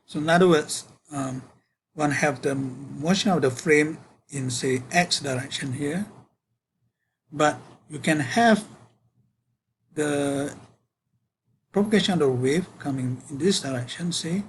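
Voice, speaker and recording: A man giving a university physics lecture, working through equations in a halting way with many fillers and self-corrections. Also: on the high side, a little hiss or hum, rough recording.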